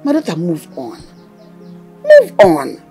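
An actress playing a middle-aged Nigerian mother in a film drama, coaxing and chiding her daughter in a husky voice, mixing in Igbo phrases. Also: lowish voice, wildly swooping pitch, takes it slowly, warm tone, soft background music, heavily acted.

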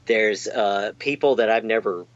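A man's voice: lowish voice, measured pace, muffled recording. A man chatting in an interview, rambling and self-deprecating, with lots of fillers and restarts. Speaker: amp technician guest. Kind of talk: casual interview chat.

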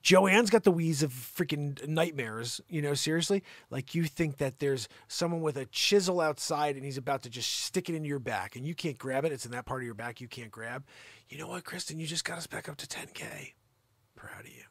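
A man hosting a live improvised comedy show, teasing and scolding a caller in a loud, mock-outraged rant. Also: a little high, fairly quick, dry recording.

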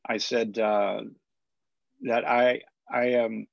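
A man's voice: medium pitch, little pitch movement, slow pace, gravelly, no room sound, lo-fi sound. An older man, a guest in an interview, telling a personal story in a hesitant way, often repeating and restarting his words. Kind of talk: storytelling in a conversation.

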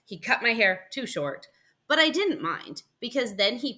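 A woman reading a children's picture book aloud for storytime, expressive and playful, with asides to her young listeners. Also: fairly high pitch, moderate pace.

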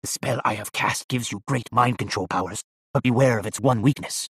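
A man playing an old scheming sorcerer, hushed. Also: medium pitch, fairly quick, creaky, slightly rough, dry recording, clean studio sound. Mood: hushed, commanding. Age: over 60. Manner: hushed, commanding, pompous.

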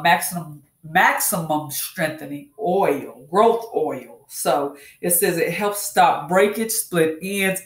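A woman chatting casually through a hair care tutorial, repeating herself and calling her viewers y'all. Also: on the low side. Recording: echoey room.

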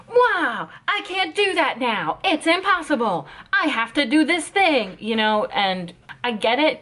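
Brief: sarcastic woman vlogger, exasperated commentary, slightly high voice. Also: fairly bright tone. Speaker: anime reaction vlogger. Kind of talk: casual reaction commentary.

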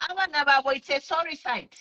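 Earnest Zambian woman, bright voice. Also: high-pitched, fast, dull audio. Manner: earnest, pleading, switches languages mid-sentence. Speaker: speaker sharing testimony. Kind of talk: personal testimony mixing English and Bemba.

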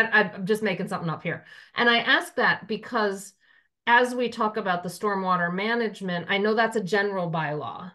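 A woman town councilor asking a question at a committee meeting, thinking aloud with halting restarts. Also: medium pitch, a bit bright.

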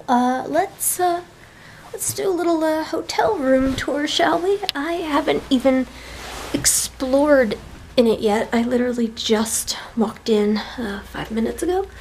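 Sleepy young woman vlogging her hotel room, talks slow and chatty, faint hum behind. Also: high-pitched, expressive, darkish tone. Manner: chatty, tired, self-deprecating asides. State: tired and yawning. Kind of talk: casual vlog, hotel room tour. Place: small hotel room, indoors.

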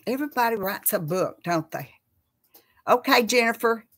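A woman's voice: on the high side, expressive, normal speed, fairly bright tone. A woman hosting a casual live chat, talking with viewers and reading out their names. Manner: chatty, reads out viewer names.

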